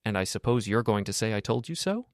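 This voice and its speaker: A man's voice: fairly low pitch, big pitch swings, quick pace, dry recording, clean studio sound. A man reading a tearful pleading wife in her forties. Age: 40s. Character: hurt, defensive middle-aged wife. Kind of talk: audiobook narration.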